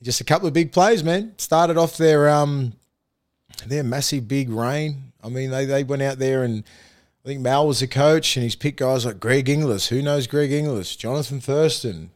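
A man's voice: medium pitch, moderate pace. A man with an Australian accent, a former rugby league player, telling rambling, profane anecdotes with frequent laughter in a casual podcast chat.

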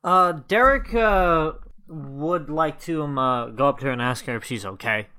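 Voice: medium pitch, normal speed, pushed and bright, clean tone. A player in a tabletop game, fumbling through rolls and actions with lots of fillers.

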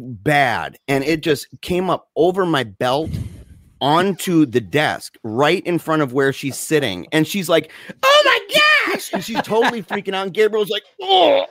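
A man's voice: fairly high pitch, expressive, moderate pace, dry recording, studio quality. A man telling a long childhood story in casual chat, rambling and self-mocking with lots of fillers. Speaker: guest storyteller.

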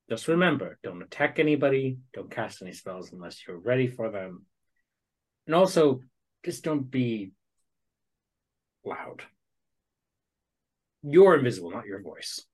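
Animated, joking man player. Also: mid-range voice, takes it slowly, pauses often. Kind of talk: casual game chat.

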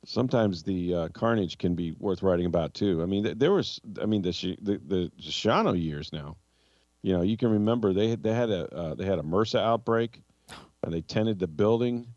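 A man co-hosting a sports talk podcast as a reporter, telling stories in an animated, exasperated way. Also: deep voice, normal speed, no room sound, lo-fi sound.

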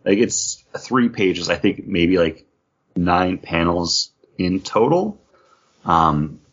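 Husky, lively-voiced man chatting about comics. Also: sits low, slow, dull audio. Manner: rambling, filler-heavy, jokey. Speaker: podcast co-host. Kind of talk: casual comics podcast chat.

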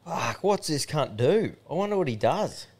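A man's voice: fairly high pitch, very animated, normal speed. A man co-hosting a podcast in casual, crude banter, swearing freely and laughing often. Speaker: podcast co-host.

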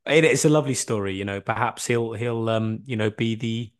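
A man from Wales hosting a football podcast, chatty and teasing with his co-host. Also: lowish voice. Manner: chatty, teasing, quick to laugh. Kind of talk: casual podcast chat.

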